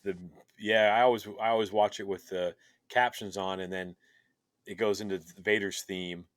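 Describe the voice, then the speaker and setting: A man co-hosting a show, chatting in an excited, rambling way with plenty of fillers. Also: lowish voice, moderate pace, no echo, studio quality. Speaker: podcast co-host. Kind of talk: casual chat.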